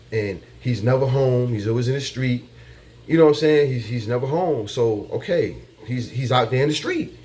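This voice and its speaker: A man of middle pitch talks straight to the camera in a loose, unscripted monologue. He is blunt and salty, swears freely, and hammers the same point again and again like a preacher. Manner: blunt, profane and preachy, repeats his points. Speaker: vlogger giving dating advice. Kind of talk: casual monologue.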